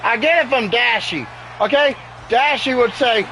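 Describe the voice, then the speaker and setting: High-voiced man doing excitable play-by-play. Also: normal speed, a little hiss or hum, poor audio. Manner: excitable, keeps exclaiming "uh-oh". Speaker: game commentator. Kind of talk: play-by-play commentary over a wrestling game. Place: home with sleeping dogs nearby.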